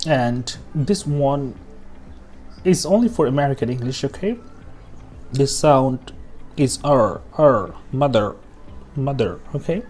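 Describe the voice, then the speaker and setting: A man's voice: medium pitch, animated, darkish tone, soft background music. A man teaching English pronunciation, saying example words twice, checking in with "okay?", and stopping now and then to cough. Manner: slow, repeats example words, tags "okay?" often. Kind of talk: pronunciation lesson.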